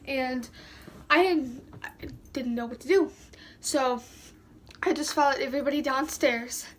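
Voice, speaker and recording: Young woman, vlogger, high-pitched, casual storytime, rambling, filler-heavy. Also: a little slow.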